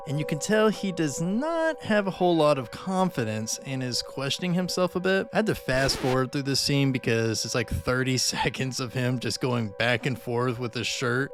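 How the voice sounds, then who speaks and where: A man reviewing a film in casual commentary, relaxed and full of "kind of" and "like". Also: mid-range voice. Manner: relaxed, filler-heavy with "kind of" and "like".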